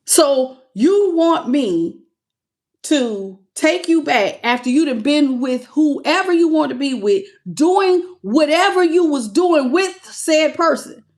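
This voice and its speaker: Woman playing a fed-up young man, emphatic, incredulous, slightly high. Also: expressive, takes it slowly. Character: indignant young man rejecting an ex.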